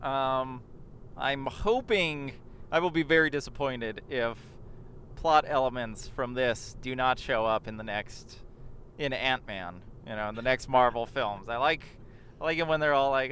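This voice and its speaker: A young man driving and bantering comically, telling stories in an excitable way. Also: mid-range voice, a little slow, a little hiss or hum. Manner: lively, excitable storytelling. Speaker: podcast co-host, driving. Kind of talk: comedic banter. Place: in a car in traffic.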